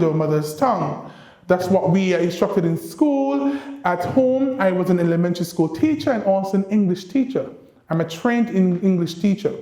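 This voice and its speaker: A man speaks with a high, mellow voice, giving a university lecture. He coaxes his listeners like a schoolteacher, and the room adds a roomy echo. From Saint Kitts and Nevis. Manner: lively teacherly delivery, coaxing the audience to repeat phrases. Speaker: ambassador giving a guest lecture.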